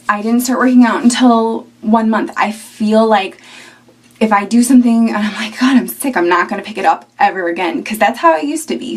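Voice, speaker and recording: A woman's voice: medium pitch, recorded from a distance. A young woman in her twenties talking casually to camera at home, chatty and rambling with fillers. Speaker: vlogger. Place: at home indoors.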